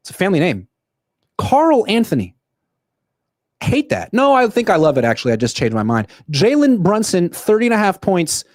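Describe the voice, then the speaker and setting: A young man hosting a solo sports show, ranting in animated, quick bursts. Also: high-pitched, dry recording, clean studio sound. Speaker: sports podcast host. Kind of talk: solo livestream commentary.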